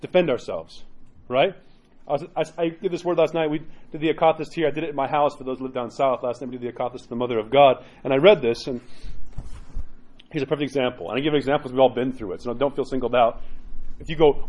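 A man who is a priest, preaching in a conversational, animated way, with many rhetorical "right?" asides and quoted inner voices acted out. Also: fast. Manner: acts out quoted inner voices with sudden jumps in pitch. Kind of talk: sermon.

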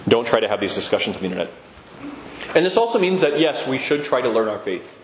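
A man's voice: medium pitch, sing-song, quick pace, a little hiss or hum. A man giving a conversational sermon-style talk on Orthodox Christian living, acting out quoted voices as he goes. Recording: echoey room with long reverb.

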